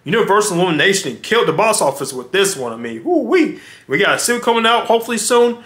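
A man in his twenties hosting a reaction video, excitable and slangy, often exclaiming and calling his viewers y'all. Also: high-pitched, fast talker. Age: 20s. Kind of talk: casual reaction commentary.

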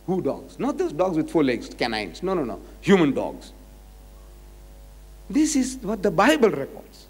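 A man's voice: on the high side, wildly swooping pitch, measured pace, slightly rough. Emphatic man lecturing in hall. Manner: emphatic, rhetorical questions, swings from loud to quiet. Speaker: religious lecturer. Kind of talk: public lecture on scripture.

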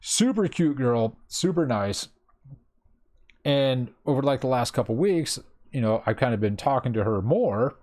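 Casual streamer guy in his thirties, mid-pitched, rambling and profane. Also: expressive, measured pace, darkish tone. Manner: rambling, swears freely, fillers like "like". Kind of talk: casual chat.

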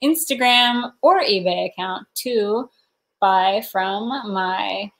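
A woman's voice: mid-range voice, slow pace, creaky. A woman hosting a home livestream, rambling casually, giggling often and reading viewer comments aloud. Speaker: livestream host.

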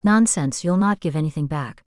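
A woman's voice: deep voice, moderate pace, darkish tone, dry recording, studio quality, lightly acted. A woman voicing a stern Amish man, a strict uncle who speaks in a firm, controlled way, in a storybook reading.

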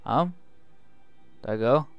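Jokey man in animated gameplay commentary. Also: medium pitch, takes it slowly, gravelly, clear, resonant tone, dry recording, muffled recording, faint music behind. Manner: jokey, talks back to game characters. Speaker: gaming video host. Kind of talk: let's play commentary.

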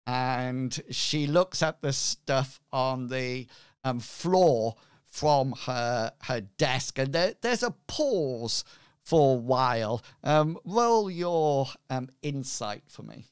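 Man running a tabletop game, slow rambly narration, smooth clear voice, dry close mic. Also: mid-range voice, lively intonation, dry recording. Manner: unhurried, rambling narration full of "sort of, like" fillers. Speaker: game master.

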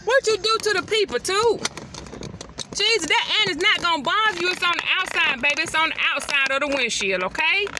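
A woman and mother chatting casually to her viewers from inside her truck, animated and constantly addressing them directly. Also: extremely high pitch, a little fast, noisy background. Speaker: vlogger and mother.

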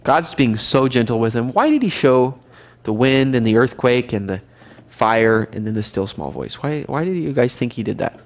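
A man's voice: mid-range voice, expressive, normal speed. A man teaching a Bible study class, reading scripture aloud and explaining it in a conversational way, asking the class questions.

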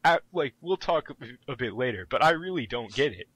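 A man's voice: medium pitch, lively intonation, brisk, a bit bright, husky. A man putting on the voice of a smug young male anime-fan student, with a fake sing-song accent and a play-dumb tone.

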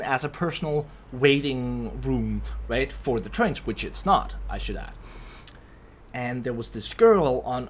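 A young man telling a storytime vlog, animated and profane, who keeps checking in with "right?". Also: medium pitch, a little hiss or hum. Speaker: vlogger.

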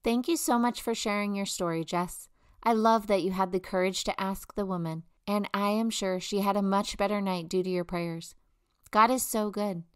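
A woman hosting a devotional testimony show, reading scripted narration in an earnest, encouraging way. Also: medium pitch. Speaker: host of a faith testimony show.

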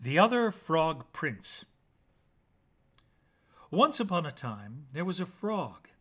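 A man reading children's bedtime stories aloud in an animated, playful way with dramatic pauses. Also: a little high. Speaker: storyteller.

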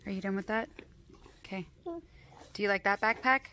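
A woman's voice: medium pitch, fairly even intonation, fairly quick, background noise. A woman, a mother vlogging her morning and talking to her toddler outdoors. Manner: chatty, scolding then coaxing her toddler. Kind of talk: casual family vlog. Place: outdoors by a street.

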